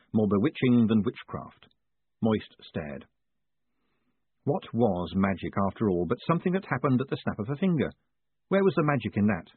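Husky-voiced male audiobook narrator. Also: mid-range voice, no room sound. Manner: lively, expressive storytelling. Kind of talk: scripted narration. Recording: tinny, phone-like, dry.

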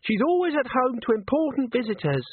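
A man voicing a sweet, welcoming young woman at a bordello door, his husky voice raised high and gushing with sugary politeness. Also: big pitch swings, brisk, dry recording, exaggerated voice. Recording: tinny phone-like, dry.

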